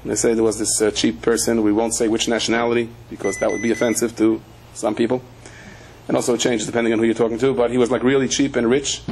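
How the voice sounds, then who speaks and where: A man's voice: medium pitch, darkish tone, a little hiss or hum, rough recording. A man, a rabbi, giving a sermon-style Torah class, weaving humorous stories into the teaching and acting out the people he quotes. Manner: humorous storytelling, acts out quoted voices.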